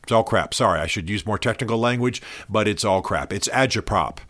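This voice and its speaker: A man's voice: lowish voice, fairly quick, a bit bright, dry recording. A man hosting his own podcast, talking through current events in a blunt, opinionated, conversational way with fillers. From United States. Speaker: podcast host. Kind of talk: solo podcast commentary.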